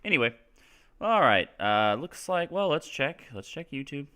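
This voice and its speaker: A man's voice: fairly high pitch, very animated, moderate pace, pushed and bright, clear, resonant tone. A man from Texas teaching English on a live stream, explaining in a casual, chatty way and checking in with "right?" as he goes. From Texas, United States.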